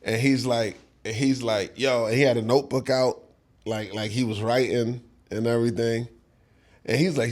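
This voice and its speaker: A man's voice: medium pitch, normal speed. A middle-aged man, a songwriter guest in a casual interview, telling a story with lots of laughs and acted-out quotes. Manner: animated storyteller who acts out quotes, laughs often.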